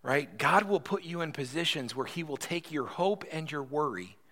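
A man's voice: mid-range voice, fairly bright tone. A male pastor giving a conversational sermon, retelling a story and often checking in with "right?".

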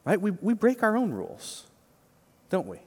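Man, pastor, sermon, slightly high voice, emphatic, conversational, long hall reverb. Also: huge pitch swings, moderate pace, slightly rough. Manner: conversational, emphatic, frequent "right?" asides and repeated words.

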